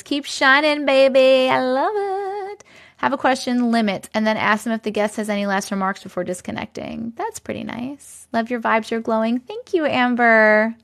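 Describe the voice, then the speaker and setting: A woman's voice: a little high, moderate pace. A woman hosting a livestream from her basement on a regular microphone, chatting casually, laughing often and thanking viewers as she reads their comments aloud. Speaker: livestream host. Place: home basement.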